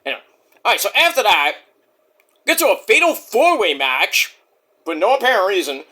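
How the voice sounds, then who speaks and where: A man's voice: sits high, huge pitch swings, normal speed, sharp tone. Rambling, joking man recapping wrestling. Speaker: wrestling show reviewer. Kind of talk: casual recap vlog.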